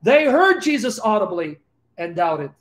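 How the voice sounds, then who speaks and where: A man with a high-pitched voice preaches to a live audience over a video call. He is emphatic and repetitive, circling back to the same scripture references as he teaches. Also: big pitch swings, unhurried, fairly bright tone. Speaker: Bible teacher.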